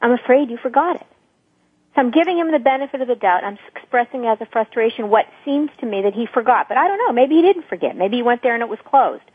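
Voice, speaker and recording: Breathy woman explaining over the phone. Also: a little high, lively intonation, fast, no room sound. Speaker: couples therapist. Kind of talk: radio talk. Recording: dry phone-line radio sound.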